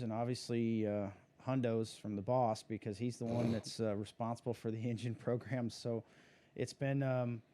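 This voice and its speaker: A man's voice: medium pitch, mellow. A man talking casually as an interview guest, a racing driver who rambles with many fillers and restarts. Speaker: guest, sprint car driver.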